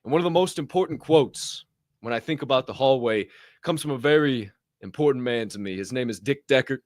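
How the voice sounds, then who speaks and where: A young man speaks briskly in a profane, animated motivational monologue as a podcast co-host, lurching between loud bursts and low muttered remarks. The recording is studio quality, free of echo.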